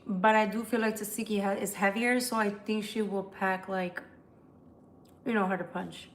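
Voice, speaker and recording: A woman's voice: mid-range voice, fairly even intonation, moderate pace, a little hiss or hum. A woman hosting a casual live stream as a tarot reader. She chats loosely with viewers, swears freely, and reads their comments aloud. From United States.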